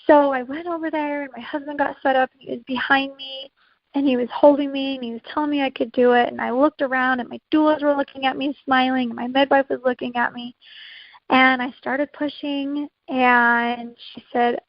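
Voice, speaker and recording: A woman's voice: high-pitched, steady tone, moderate pace, dry recording, lo-fi sound. A woman co-hosting a podcast, earnestly telling her own emotional birth story. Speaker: podcast co-host.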